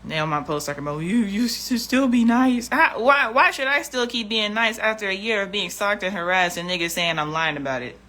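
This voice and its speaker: A woman's voice: medium pitch, animated, fairly quick, hardly any pauses, pushed and bright. A woman vlogging in a casual, profane rant, blunt and exasperated, often repeating herself.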